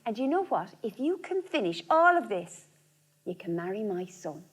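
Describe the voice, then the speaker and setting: A woman voicing a brisk fairy-tale queen, coaxing but firm. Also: mid-range voice, big pitch swings, husky.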